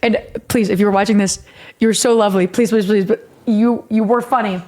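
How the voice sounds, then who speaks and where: A woman's voice: mid-range voice, fairly even intonation, moderate pace, darkish tone. A woman streamer telling a rambling story in a casual, profane way, often laughing.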